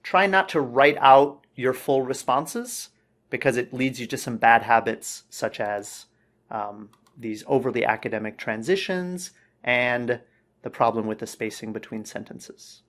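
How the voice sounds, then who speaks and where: A man teaching English, giving relaxed spoken feedback on a student's answer and checking in with "okay" as he goes. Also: mid-range voice, a little slow. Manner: relaxed, explanatory, says okay often.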